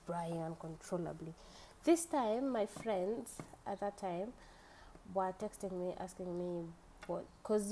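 A woman's voice: mid-range voice, mellow, slight background noise, poor audio. A young woman with a Kenyan accent, hosting a podcast and telling a story in a chatty way. She mixes English with Swahili slang and laughs often. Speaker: podcast host. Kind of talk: casual storytelling.

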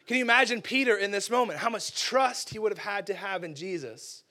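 High-voiced man preaching casually. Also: fairly bright tone. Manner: conversational, joking, says "like" often. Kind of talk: casual, humorous sermon.

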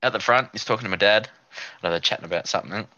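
A man's voice: fairly low pitch, rapid-fire, sharp tone, dry recording. A young Australian man casually telling a rambling story as a podcast co-host, slipping into mimicked voices. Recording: dull lo-fi sound.

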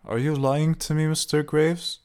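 A man's voice: a little high, fairly even intonation, a little mellow, clean tone, voice pushed up, lightly acted. Man putting on a cruel old woman. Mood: menacing. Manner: mock-sweet, then slow and screaming.

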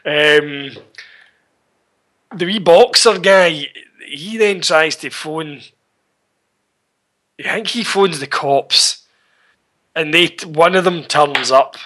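Co-host, middle-aged, sweary rambling recap, bright tense voice, slightly high. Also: male voice, slow pace, long pauses. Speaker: podcast co-host. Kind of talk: casual film recap chat.

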